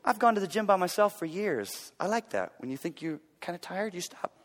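A man in his forties preaching a sermon in a church, telling stories in an animated way with loud bursts of effort. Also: high voice, brisk, in a large hall. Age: 40s. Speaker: pastor. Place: church sanctuary.

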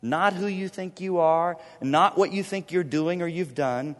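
A pastor preaching a sermon, emphatic and repetitive, swinging between loud stressed words and hushed low drops. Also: male voice, measured pace, in a large hall. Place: church sanctuary.

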